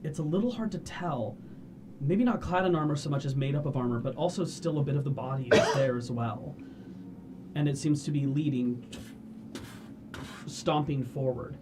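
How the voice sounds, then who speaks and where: A man narrating a tabletop game as game master, describing scenes in a measured way and calling for dice rolls. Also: fairly high pitch, noisy background.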